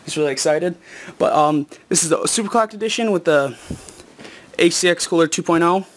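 A teenage boy, out of breath and excited, rambling with lots of ums and self-corrections in a casual unboxing vlog. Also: fairly high pitch, brisk. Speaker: gaming video maker.

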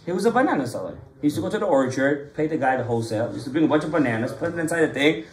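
In a reverberant space, a man with a fairly high voice talks very fast while teaching a small group an informal Torah class. He tells stories in a lively way and mixes in Hebrew and Kabbalah terms.

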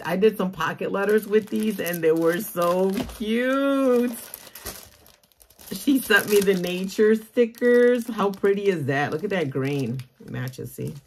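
A young adult woman vlogging as she opens a mail package, gushing with excited exclamations. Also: medium pitch. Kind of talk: casual unboxing vlog.

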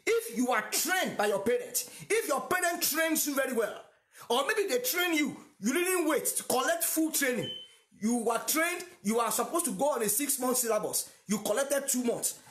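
A man's voice: very high-pitched, animated, normal speed, a bit bright, roomy sound. A Nigerian-accented man whose first language is Yoruba, preaching a sermon emphatically and repeating lines for stress. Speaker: pastor.

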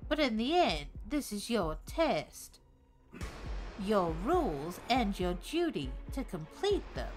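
A woman voicing a formal, pompous man who serves a dark king, precise and ominous. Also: mid-range voice, very animated, slow pace, soft background music.

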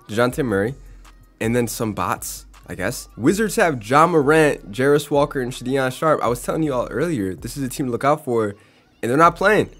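A man's voice: mid-range voice, fairly bright tone. A young man casually commenting on a basketball video game simulation, chatty and reacting as results come in. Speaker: gaming YouTuber.

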